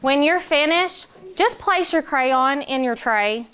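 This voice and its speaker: A woman teacher leading a phonics lesson, giving clear, patient directions and drawing out sounds slowly. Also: high voice, lively intonation, fairly bright tone. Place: classroom.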